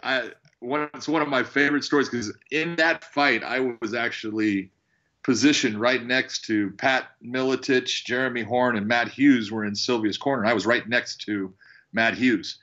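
A man, a fight referee and podcast guest, telling stories in a lively way and acting out what people said. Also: mid-range voice, normal speed. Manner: animated storyteller acting out quotes. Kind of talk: casual podcast chat. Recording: dull lo-fi audio.

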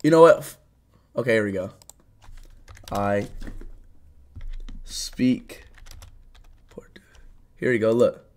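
A young man live streaming, talking loudly and excitably to his chat and swearing often. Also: on the low side, takes it slowly, pauses often. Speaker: livestreamer.

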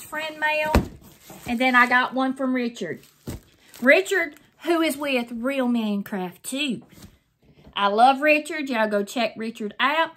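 A woman's voice: sits high, bright, forceful tone, slight background noise. An older woman, chatting effusively to her viewers while opening mail in a casual vlog. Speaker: craft vlogger.

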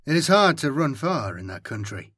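Brief: male narrator, grave and measured, slightly raspy, dry close-miked read. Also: mid-range voice, very animated, fairly bright tone, dry recording. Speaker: audiobook narrator. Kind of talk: scripted audiobook narration.

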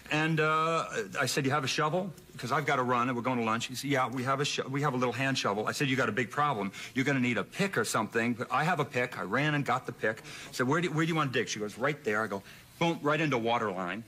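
A man appearing as a talk show guest, telling anecdotes in an animated, self-deprecating way. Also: mid-range voice, quick pace, breathy edge. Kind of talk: anecdotal storytelling. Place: TV studio.

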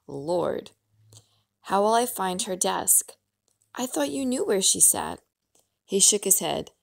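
A woman reading a children's novel aloud, giving the characters lively voices. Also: mid-range voice, gravelly, no echo. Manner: expressive, lively dialogue voices. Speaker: audiobook reader. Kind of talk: storybook read-aloud.

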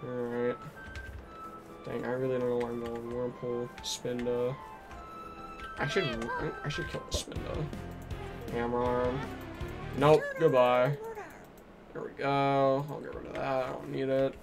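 A man streaming a game, chatting away to himself and his viewers at a middle pitch. He bursts out excitedly at the action, then drops back to muttering. Game music plays clearly underneath his voice. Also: moderate pace, pauses often. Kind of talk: live gameplay commentary.

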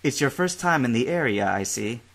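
A man's voice: medium pitch, lively intonation, normal speed, fairly bright tone. A man voicing a tired, friendly young man who talks in a weary, easygoing way.

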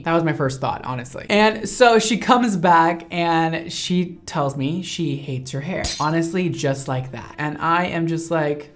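A man's voice: a little high, a little slow, few pauses, fairly bright tone. Sassy, dramatic male storyteller. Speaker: hairstylist and channel host. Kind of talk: animated storytime narration.

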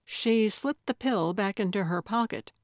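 Reading from a cozy mystery, a woman narrates scripted audiobook text in a mid-pitched voice at a slow, deliberate storytelling pace. Her audio is dry and close-miked, free of echo and room sound.

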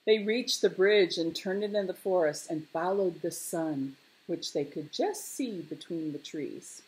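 A woman reading a children's picture book aloud, expressive and measured. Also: on the low side. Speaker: storyteller.

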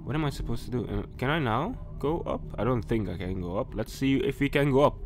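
A man's voice: mid-range voice, lively intonation, fairly quick, few pauses, soft background music. A man commentating a horror game playthrough, jumpy and nervous, talking himself through scares and speaking directly to viewers and game characters. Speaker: gaming YouTuber.

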